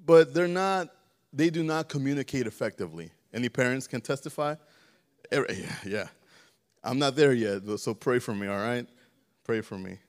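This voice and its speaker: Male preacher, mid-pitched, casual sermon delivery, halting, repeats words and checks in with the room. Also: expressive. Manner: stammers and repeats words, often asks "right?". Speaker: preacher teaching a church service. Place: church sanctuary.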